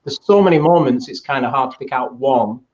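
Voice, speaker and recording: A man's voice: mid-range voice, fairly quick, darkish tone. A man telling stories as a guest in casual podcast chat, wry and rambling. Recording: dull lo-fi audio.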